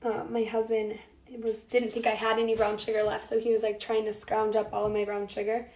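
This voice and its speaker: A woman's voice: medium pitch, completely flat delivery, fairly quick, darkish tone. Young woman, cooking show host, chatty, speaks to viewers, getting over a lost voice, roomy echo. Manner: chatty, talks to viewers as "you guys" and answers comments. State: recovering from a lost voice. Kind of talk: chatty live cooking demonstration. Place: home kitchen. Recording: echoey room with faint noise.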